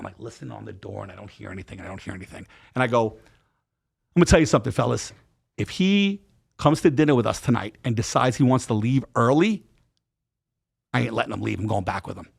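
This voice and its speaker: As a podcast guest, a middle-aged man retells a candid story at a quick pace, his mid-range voice carrying vocal fry and a breathy edge. The telling is animated and profane, full of slang and acted-out quotes.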